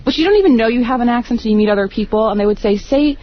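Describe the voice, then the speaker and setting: A woman's voice: fairly high pitch, animated, racing, a little hiss or hum. A woman from the Bronx, an actress guest on a radio talk show, telling stories in a chatty way and laughing often. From the Bronx, New York. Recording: dull radio broadcast audio.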